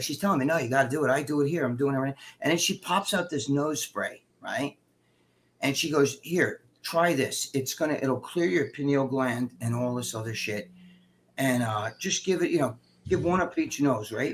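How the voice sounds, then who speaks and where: A middle-aged man casually telling stories on a live stream, swearing freely and acting out what other people said. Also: on the high side. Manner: profane, animated, acts out quoted dialogue. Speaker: guest co-host.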